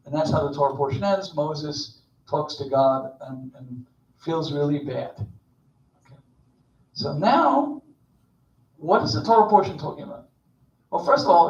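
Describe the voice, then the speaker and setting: A man delivers a loose, conversational sermon full of asides and quips. His voice sits a little high. It is picked up from a distance in a reverberant sanctuary, with a dull, muffled sound. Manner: conversational, digressive, joking asides. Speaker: speaker at Shabbat service. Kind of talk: informal sermon. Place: temple sanctuary.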